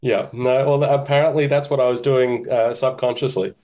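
A man, a podcast guest talking in a relaxed, self-deprecating way with halting restarts. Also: mid-range voice. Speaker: podcast guest, kettlebell instructor. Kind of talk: casual interview chat.

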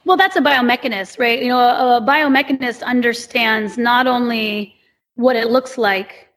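A woman's voice: a little high, moderate pace, fairly bright tone. A woman who teaches movement, guesting on a podcast and explaining her ideas thoughtfully. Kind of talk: casual conversation.

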